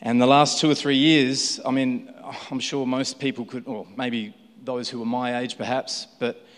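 A man's voice: medium pitch, little pitch movement, normal speed. Forties guy preaching, emotional and rambly, big echoey church hall. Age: 40s. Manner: warm, emotional, rambling with restarts. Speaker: guest preacher. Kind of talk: church sermon. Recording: long hall reverb.

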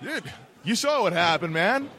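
A man's voice: sits high, animated, normal speed, bright, forceful tone. A man playing a wrestling manager who stammers and defends himself. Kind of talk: wrestling backstage interview.

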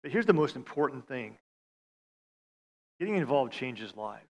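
A man preaching a sermon, stammering on restarts and swinging from loud appeals to hushed lines. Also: medium pitch, big pitch swings, unhurried, creaky, lo-fi sound. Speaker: pastor.

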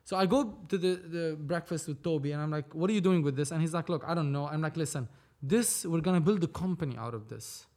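A man's voice: a little high, quick pace, few pauses, a little mellow. A man from Lebanon, a film producer, telling a story in a casual interview, acting out dialogue and swearing freely.

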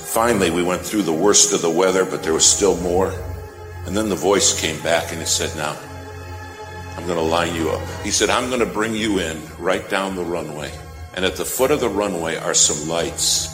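A man preaching a sermon, telling a story with dramatic, swelling emphasis. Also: low-pitched. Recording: echoey hall with music behind.

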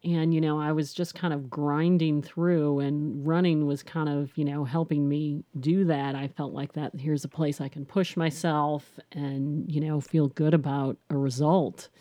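A middle-aged woman with a low, mellow voice tells her own story as an interview guest. She speaks candidly and reflectively, circling back with restarts and "you know". The sound is dry and close. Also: level tone, a little slow, hardly any pauses, no room sound.

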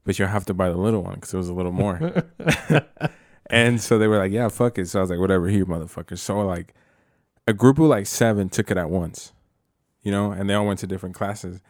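A man's voice: sits low, fairly even intonation, fairly quick, no room sound, studio quality. A young man telling loose, profane stories with slang and laughter in casual chat. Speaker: storyteller in a casual podcast chat.

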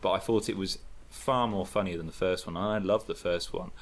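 A man's voice: low-pitched, a little fast. A man co-hosting a casual podcast, chatty and jokey, gushing as he talks. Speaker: podcast co-host.

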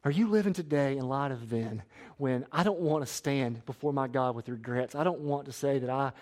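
A young man preaching a sermon as pastor, animated and asking the congregation to answer back. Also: medium pitch, normal speed. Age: young adult. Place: church sanctuary.

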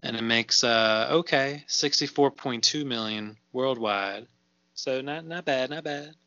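Bright-voiced man chatting about movies. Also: mid-range voice, unhurried, no room sound, highs cut off. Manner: laughs often, reads out stats with fillers. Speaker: podcast co-host. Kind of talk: casual movie chat.

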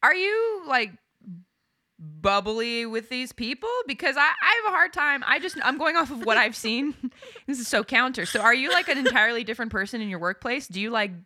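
A woman co-hosting a chatty podcast, with a bright, slightly high voice. She keeps teasing her partner, cutting in with quick questions and dry one-liners. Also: animated. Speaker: podcast co-host. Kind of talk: casual chat.

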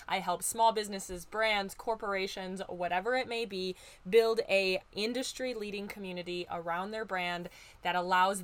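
A woman with a Midwestern American accent hosting a solo business podcast, bubbly and chatty, talking to listeners like a close friend. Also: medium pitch. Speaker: podcast host, business growth coach. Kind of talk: upbeat solo podcast chat.

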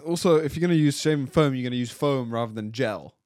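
A man's voice: medium pitch, quick pace, darkish tone, dry recording, clean studio sound. A young British man co-hosting a podcast, chatting casually, teasing and laughing a lot. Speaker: podcast co-host. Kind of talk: casual chat.

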